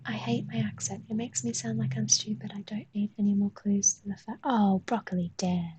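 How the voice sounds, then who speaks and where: A woman's voice: mid-range voice, steady tone, brisk, dark tone, a little hiss or hum, rough recording. A woman with a London accent, chatting casually on a live stream while she draws, joking, swearing and reading chat aloud.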